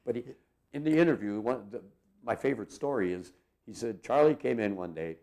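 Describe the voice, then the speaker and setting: An older man in his eighties with a lowish voice recounts local memories. He wanders through his stories with many fillers and chuckles warmly at the funny parts. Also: expressive, brisk. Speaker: interviewee. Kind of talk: reminiscing storytelling.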